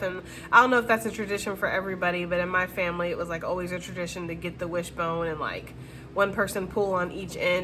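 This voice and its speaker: A woman's voice: fairly low pitch, pushed and bright, a little hiss or hum. A woman giving a casual tarot reading to her viewers, chatty and slangy, often reassuring them and checking in with "okay?". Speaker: tarot reader.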